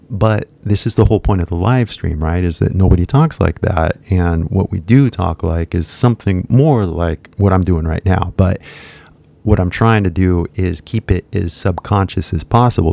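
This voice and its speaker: A young man teaching English on a live stream, speaking with an American English accent and a Kansai Japanese accent as he switches languages. He keeps a loose, mumbled delivery. His voice sits very low, with a gravelly, mellow tone. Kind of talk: casual live-stream lesson.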